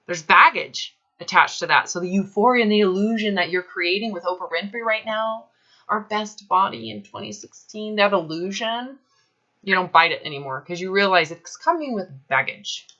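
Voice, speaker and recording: A woman's voice: medium pitch, normal speed, sharp tone, lo-fi sound. A woman coaching a client, talking bluntly and emphatically and swearing casually. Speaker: health coach. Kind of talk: coaching session.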